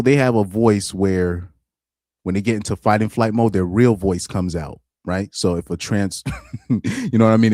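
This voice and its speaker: Deep voiced guy chatting on his stream, repeats himself a lot, dry close mic. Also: darkish tone, no room sound. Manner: loose and rambling, repeats words, laughs often. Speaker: livestream host reading chat. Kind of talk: casual live-stream commentary.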